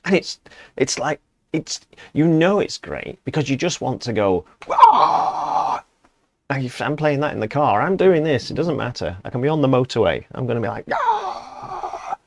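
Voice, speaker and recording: A man's voice: mid-range voice, expressive, brisk, dry recording. A man casually reviewing a song he has just heard, enthusiastic and rambling, chuckling as he goes. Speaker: music reviewer. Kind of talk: casual reaction commentary.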